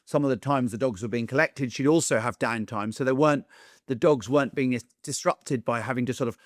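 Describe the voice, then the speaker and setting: Man, dog trainer, casual chat, mid pitch, dry close recording. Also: a little fast, no echo. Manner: chatty, acts out quoted people in raised voices. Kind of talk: casual monologue to camera.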